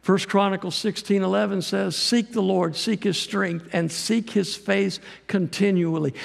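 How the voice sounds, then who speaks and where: A high-pitched man preaches in a folksy, animated way, his voice thick with gravel. It rings out with a long reverb, as in a big church hall. He often slips into acted-out quotes. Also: a little slow, few pauses. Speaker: pastor and missionary. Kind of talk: sermon.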